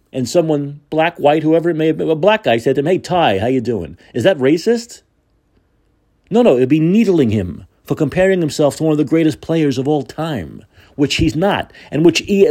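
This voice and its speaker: A man's voice: on the high side, a little mellow. A man hosting a podcast, delivering a combative, sarcastic opinion monologue. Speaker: podcast host.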